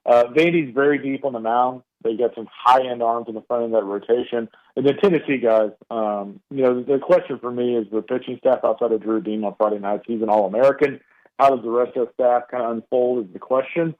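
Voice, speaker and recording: A man's voice: medium pitch, fairly even intonation, a little fast. A man with an East Texas drawl calls in as a baseball analyst and talks through his picks in a loose, rambling way, with plenty of fillers and restarts. His mid-range voice comes through a thin, tinny phone line. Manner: loose, filler-heavy talk with many restarts. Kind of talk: radio interview commentary. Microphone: phone call into studio.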